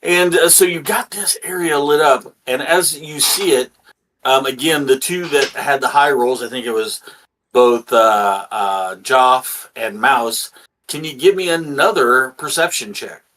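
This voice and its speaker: A man's voice: medium pitch, a little slow, a bit bright, low-quality recording. A man running a tabletop role-playing game as dungeon master, rambling and restarting with lots of fillers.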